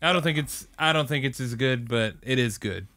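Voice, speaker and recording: A man's voice: medium pitch, moderate pace, bright, forceful tone, dry recording, studio quality. A young man co-hosting a casual anime podcast, easygoing and agreeable, often saying "dude". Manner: laid-back, agreeable, says "dude" a lot. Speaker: podcast co-host.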